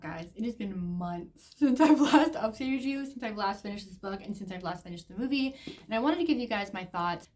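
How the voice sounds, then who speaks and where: Woman vlogger, enthusiastic, talkative book chat in an everyday mid-pitched voice. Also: darkish tone, a little hiss or hum. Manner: gushing, chatty, heavy use of "like". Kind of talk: casual book review vlog.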